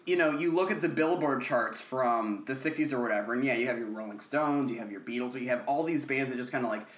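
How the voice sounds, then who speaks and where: A man analysing a film on a relaxed podcast, hesitating and restarting often as he builds his point. His voice is bright and forceful. It is recorded in an echoey room. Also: medium pitch, fast. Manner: hesitant, searching for words. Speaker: podcast co-host. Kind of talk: casual movie discussion.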